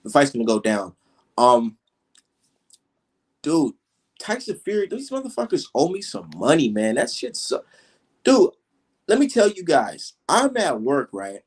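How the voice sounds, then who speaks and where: A man's voice: a little high, huge pitch swings, a little slow, long pauses, slightly rough. A young man ranting heatedly and profanely straight to his viewers in a casual vlog. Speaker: vlogger.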